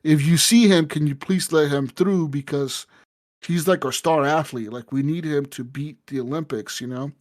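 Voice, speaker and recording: A man's voice: fairly high pitch, moderate pace, dry recording, studio quality, close to an everyday voice. A man voicing a male sports team official who casually asks a favor. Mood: coaxing.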